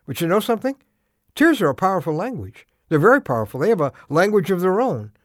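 A middle-aged man delivers a short radio devotional, speaking earnestly but conversationally. His voice sits a touch higher than most men's, and the sound is dry and close with no room around it. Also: no room sound. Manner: earnest, conversational preaching with rhetorical questions. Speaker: radio preacher.

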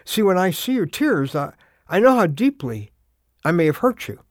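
A man's voice: sits high, big pitch swings, normal speed, no room sound, studio quality. A middle-aged man giving a short devotional radio sermon, earnest and conversational, asking his listeners questions as he goes. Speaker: radio preacher.

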